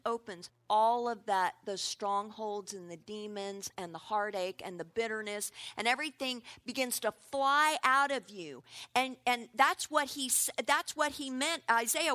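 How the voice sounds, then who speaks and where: Lively woman preacher, high bright voice, dry sound, keeps saying come on. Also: no room sound. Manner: animated, calls out "come on" to the crowd. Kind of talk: sermon.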